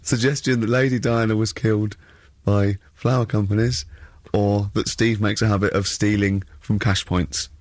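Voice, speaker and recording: A man's voice: on the low side, little pitch movement, moderate pace, no room sound, clean studio sound. A man hosting a radio show, telling an incredulous, mocking story in radio banter. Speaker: radio host.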